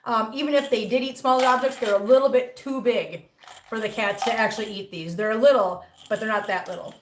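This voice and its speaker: Woman, middle-aged, casual livestream host, chatty, teasing, slightly high voice, echoey home room. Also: a little fast, slight background noise. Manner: chatty, teasing, reads viewer comments aloud. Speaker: cat channel host.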